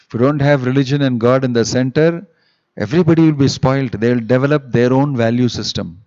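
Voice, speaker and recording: A man's voice: mid-range voice, brisk, darkish tone. Guy preaching a sermon, reciting sanskrit bits, muffled recording. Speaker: visiting swami giving a discourse. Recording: dull echoey hall recording.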